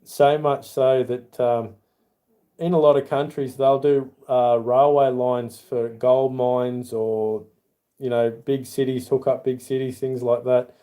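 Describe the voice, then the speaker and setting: On a casual livestream, the Australian host answers his chat by name and calls everyone mate, rambling in a friendly manner. He talks slowly in a warm, medium-pitched voice that barely moves in pitch.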